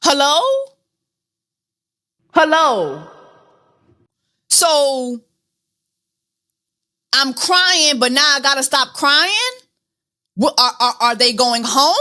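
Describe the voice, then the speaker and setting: Woman, reality TV recap host, casual review, dramatic, repeats phrases, a bit high-pitched. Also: expressive, extremely slow, long pauses, pushed and bright.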